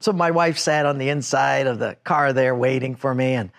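A middle-aged man preaching a sermon, telling a personal story and acting out an argument in a raised, animated voice. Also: medium pitch, normal speed, vocal fry. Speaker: pastor.

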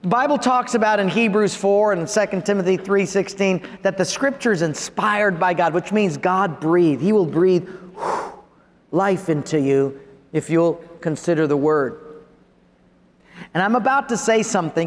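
A male pastor preaches with animated energy, sometimes lowering his voice to act out a quiet prayer. His voice sits a little high for a man. The sound carries the long reverb of a large hall. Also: moderate pace. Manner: animated preaching, acting out prayers to God in a softer voice. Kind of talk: sermon.

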